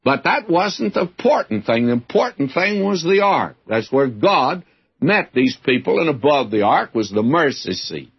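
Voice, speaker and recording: A male Bible teacher speaks in a conversational, folksy preaching manner, leaning hard on his key words. His voice is slightly husky, and his pitch rises and falls a lot as he drives his points home. The sound is muffled and lo-fi, like an older broadcast recording. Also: big pitch swings, normal speed. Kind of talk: radio Bible teaching sermon.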